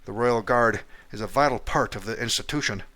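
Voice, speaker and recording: A man's voice: medium pitch, a little fast, close to an everyday voice. A man voicing a pompous, short-tempered king who barks orders. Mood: imperious. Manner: loud, haughty and commanding.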